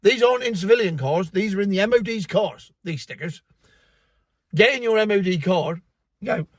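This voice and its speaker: A fairly high-voiced man rants in a casual vlog, sarcastic and pleased with himself. He has a cold that breaks through as coughing. The sound is dry and close, with no room around it. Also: moderate pace, dry recording. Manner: sarcastic, mocking, self-satisfied. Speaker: vlogger.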